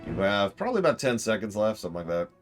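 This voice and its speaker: A man streaming a game, chatting casually with viewers in a sarcastic, excitable way and swearing now and then. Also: on the low side, racing, soft background music.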